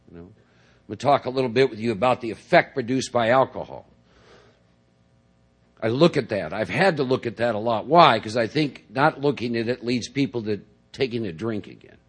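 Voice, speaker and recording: A man's voice: mid-range voice, slightly rough. A middle-aged man speaking to a large audience at a recovery meeting, telling his story in a rambling way full of "you know" and "see?". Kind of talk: personal recovery talk to a group.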